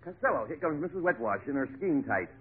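A man playing the brisk, exasperated straight man in a 1940s radio comedy. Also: on the high side, very animated, breathy edge. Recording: tinny lo-fi old radio.

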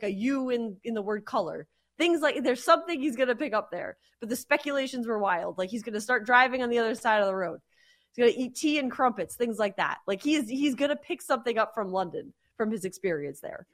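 A woman co-hosting a sports podcast, chatty and animated, laughing easily in casual talk about football and betting. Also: on the high side, brisk.

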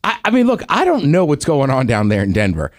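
A man co-hosting a podcast, chatting loosely about sports, rambling with plenty of "like" and quick laughs. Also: on the high side, huge pitch swings, no echo. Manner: rambling, lots of "like", laughs often. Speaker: podcast co-host. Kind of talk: casual sports chat.

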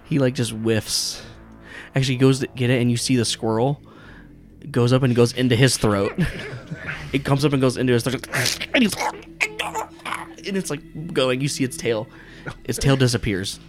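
A man's voice: mid-range voice, steady tone, moderate pace, faint music behind. A man narrating as game master in a tabletop game, rambling with lots of fillers and swearing.

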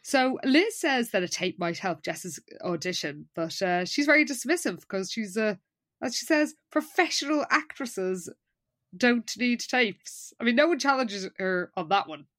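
A woman co-hosting a podcast, recapping an episode in casual chat with giggly, animated storytelling. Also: medium pitch, moderate pace, no room sound, clean studio sound. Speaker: podcast co-host.

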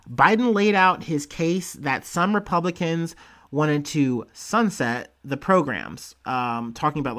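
A man with a slightly high voice talks through the day's headlines on his own show. He rambles and restarts, scatters fillers everywhere, and drops sassy, profane asides as he reacts. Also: fairly bright tone. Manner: chatty, digressive, lots of fillers and restarts. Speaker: solo show host reading news. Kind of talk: casual news commentary.

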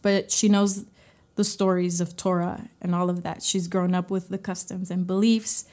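A woman hosting a devotional podcast speaks at a fairly low pitch with a flat delivery and darkish tone. Unhurried and using fillers, she gives an earnest, heartfelt teaching.

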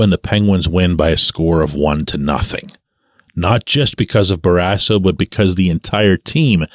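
A man hosting his own sports podcast, giving opinionated commentary in a sardonic, animated way with muttered asides. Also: low voice, no room sound, studio quality. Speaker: podcast host and sports columnist.

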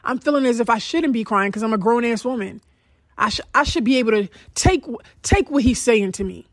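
A woman's voice: on the high side, lively intonation, fairly quick, no echo, studio quality. A young adult woman podcast host tells a personal story in a blunt, profane, emphatic way. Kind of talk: candid storytelling monologue.

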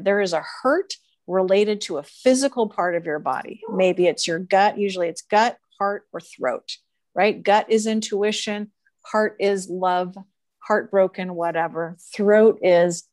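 A woman's voice: medium pitch, no room sound. A woman talking earnestly and emphatically in a casual conversation, laughing often as she coaches.

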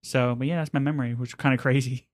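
A man's voice: medium pitch, steady tone, quick pace. A man co-hosting a podcast, telling a story in a rambling, casual way with lots of fillers. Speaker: podcast co-host. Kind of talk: casual chat.

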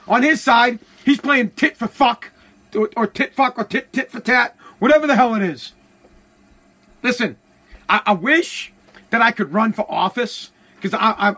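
A man's voice: extremely high pitch, bright, forceful tone. A man delivering a profane, angry political rant, mocking others in put-on voices.

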